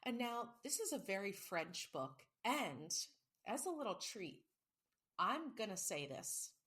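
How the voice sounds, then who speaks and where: A woman's voice: mid-range voice, big pitch swings, measured pace, a bit bright. A woman co-hosting a casual book podcast, chatty and self-mocking, swearing now and then. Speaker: podcast co-host. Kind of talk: casual chat.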